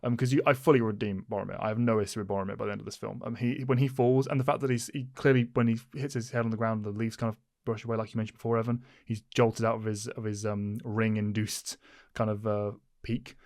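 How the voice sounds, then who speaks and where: Enthusiastic man with a lowish, dry voice. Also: little pitch movement, fast talker, darkish tone, no echo. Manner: enthusiastic, rambling with restarts. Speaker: podcast co-host. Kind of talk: casual film discussion.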